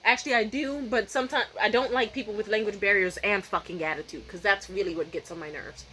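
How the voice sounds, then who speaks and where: Bright-voiced young woman ranting profanely. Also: mid-range voice, quick pace, slight background noise, poor audio. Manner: profane, animated storytelling with mimicked voices. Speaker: vlogger. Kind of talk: casual vlog rant. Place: home at night.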